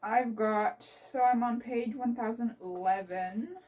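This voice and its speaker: A young woman book vlogger chatting casually from her bed, gushing excitedly about a book with lots of fillers. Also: on the high side, measured pace. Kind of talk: casual reading vlog chat. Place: bedroom reading nook. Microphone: phone camera. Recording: voice from a distance.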